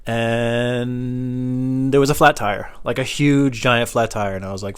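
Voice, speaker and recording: A man's voice: medium pitch, fairly even intonation, normal speed, smooth. A man hosting a comedy show, telling a casual, rambling and self-deprecating comic monologue.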